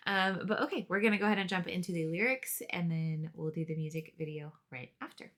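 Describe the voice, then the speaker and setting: A woman's voice: on the low side, fast, a bit bright. A young woman co-hosting a reaction video, chatting casually, laughing often and explaining the plan. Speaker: reaction channel co-host.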